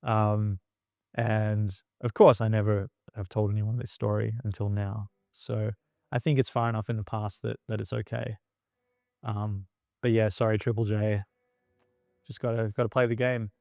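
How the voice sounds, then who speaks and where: Label founder, smooth clear voice, dry close sound, lively storyteller who acts out quotes. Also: male voice, fairly low pitch, normal speed, dry recording. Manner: animated anecdote-telling, acting out quoted dialogue. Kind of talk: documentary interview storytelling.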